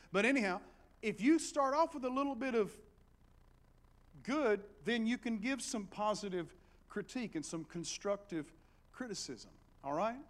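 A middle-aged man with an Appalachian accent, preaching a sermon and swinging between hushed storytelling and loud exhortation. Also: high voice.

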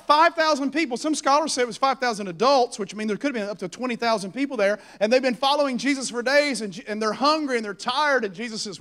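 A man preaching a sermon, animated and storytelling as he acts out the voices in the stories. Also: very high voice, fast talker, few pauses.

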